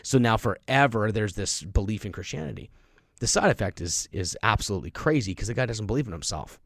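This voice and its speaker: A man's voice: on the low side, expressive, a little fast, dry recording, studio quality. A middle-aged man hosting a podcast, speaking emphatically in a motivational monologue and acting out the voices of people he quotes. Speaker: podcast host.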